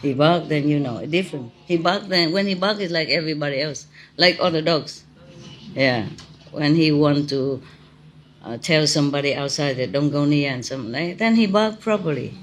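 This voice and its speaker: A woman's voice: low voice, normal speed, a little hiss or hum. A middle-aged woman giving an informal spiritual talk, chatty and laughing often as she tells stories in simple non-native English. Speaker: spiritual teacher.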